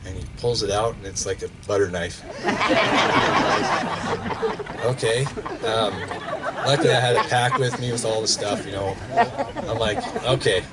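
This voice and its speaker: A man's voice: lowish voice, animated, measured pace, pauses often, over a noisy crowd, heavy background noise. A man, a former coach, tells a personal hunting story at a memorial service and acts out the sound effects. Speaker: eulogy speaker, former coach.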